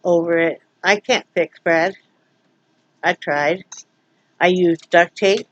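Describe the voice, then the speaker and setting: A woman's voice: fairly low pitch, steady tone, slow pace, highs cut off. A woman vlogging from home in a casual, rambling way, joking and full of fillers. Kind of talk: casual vlog chat.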